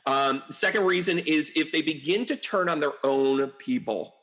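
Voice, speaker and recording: A man whose voice sits a little high, speaking at normal speed, holds forth as a psychic medium in a casual political monologue. He rambles animatedly, full of asides, mock quotations and exasperated outbursts.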